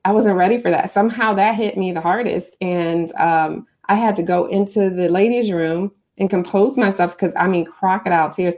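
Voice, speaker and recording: A middle-aged woman hosting a casual interview, chatty and expressive as she shares her own story. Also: medium pitch, brisk, hardly any pauses. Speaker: host.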